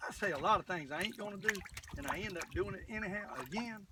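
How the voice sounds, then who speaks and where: Talking fast in a high-pitched voice, an older fishing vlogger rambles folksily from his boat outdoors, referring to himself as the old fisherman. The audio comes from a distant camera mic, with faint background noise.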